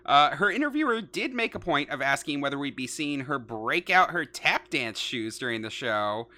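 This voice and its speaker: A woman's voice: low-pitched, big pitch swings, normal speed, bright, forceful tone. A woman co-hosting a casual podcast, joking and reading out news segments. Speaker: podcast co-host.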